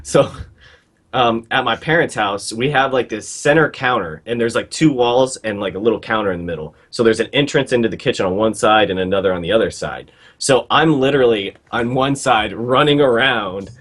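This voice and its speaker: A man co-hosting a casual podcast chat, telling a childhood story in a halting, relaxed way. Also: medium pitch. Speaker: podcast co-host.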